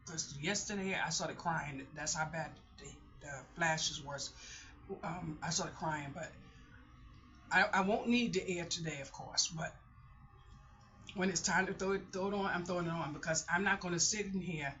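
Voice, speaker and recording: A woman's voice: lowish voice, moderate pace, a bit bright. A middle-aged woman talking in a casual vlog, candid and rambling, often restarting her sentences. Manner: candid, rambling, self-interrupting. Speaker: vlogger. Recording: dull lo-fi sound.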